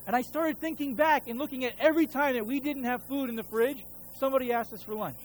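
A man's voice: very high voice, fast, a little hiss or hum, low-quality recording. A man in his thirties preaching a sermon as a pastor, telling a personal story in a casual, conversational way and acting out quoted voices. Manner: conversational storytelling, acts out his own voice and God's.

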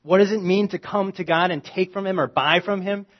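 A man preaching a sermon with a fairly high voice, talking to his congregation in an easy, conversational way. He swings between loud, emphatic lines and quiet asides. The recording sounds dull and muffled. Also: brisk. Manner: animated, conversational preaching with wide swings in loudness. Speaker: pastor.

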